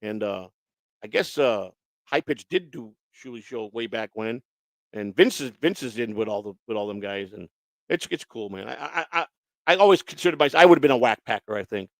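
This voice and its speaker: Profane, rambling man with a lively voice. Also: mid-range voice, fairly quick, no room sound. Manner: rambling, profane, lots of restarts. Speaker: show host. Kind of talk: casual chat.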